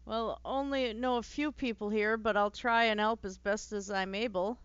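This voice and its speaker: Casting: woman reading a scruffy, dapper male gravedigger, plain unaccented read, smooth and dry. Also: mid-range voice, steady tone, moderate pace, fairly bright tone, no room sound, highs cut off, lightly acted. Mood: gruff, plain. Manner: reads the lines plainly, no accent.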